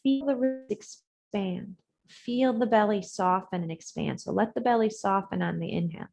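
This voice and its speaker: A woman leads a yoga and breathing session over a video call, her voice sitting at an ordinary middle pitch. Her cues are gentle and measured, and the ends of her phrases fade away softly. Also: creaky. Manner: gentle, measured cues with soft trailing words. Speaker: yoga instructor. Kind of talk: guided breathing and yoga instruction.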